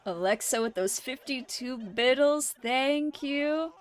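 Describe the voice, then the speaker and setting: Laughing, high-voiced woman streamer. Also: takes it slowly, slight background noise. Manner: laughing, swearing, animated reactions. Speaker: livestream host. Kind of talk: casual chat with viewers.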